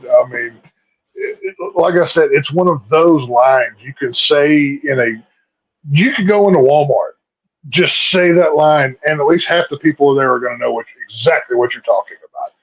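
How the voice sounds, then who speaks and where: A man hosting a casual movie review chat, making measured points and comparisons. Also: on the high side, gravelly. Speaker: podcast host. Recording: dull lo-fi audio.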